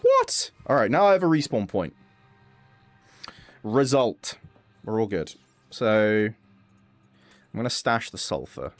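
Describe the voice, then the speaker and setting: Lively streamer. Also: male voice, no echo. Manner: chatty, swears casually, animated jumps in pitch. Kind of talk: casual gaming stream chat.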